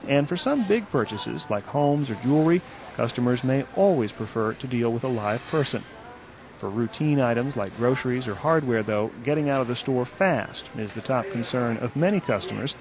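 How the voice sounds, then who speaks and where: A man reporting a radio news feature in a measured, scripted narration. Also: medium pitch. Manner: measured, even delivery.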